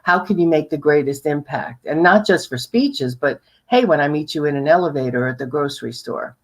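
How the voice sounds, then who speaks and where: A woman originally from New York, coaching viewers on presenting, with big upward pitch swings for emphasis and frequent rhetorical questions. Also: brisk. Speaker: guest speaker on sales presentations.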